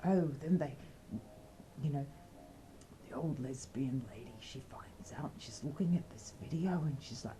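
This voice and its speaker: A woman's voice: a bass voice, normal speed, pauses often, warm tone, a little hiss or hum, rough recording. An Australian woman chatting in a rambling, cheeky way and brainstorming bawdy comedy skits. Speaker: comedy skit presenter. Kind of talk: casual comedic chat.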